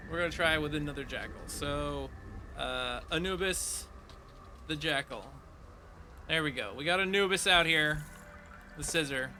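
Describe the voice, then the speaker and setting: A man giving casual gameplay commentary as a streamer, excitable and quick to laugh. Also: sits high. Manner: excitable, breaks into laughter and shouts. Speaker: game streamer.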